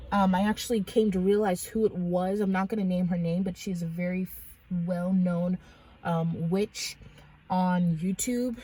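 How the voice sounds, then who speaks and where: Husky-voiced woman retelling a dream. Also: fairly low pitch, warm tone, rough recording. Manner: rambling, dramatic storytelling with many fillers. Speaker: Christian vlogger. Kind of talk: dream testimony vlog.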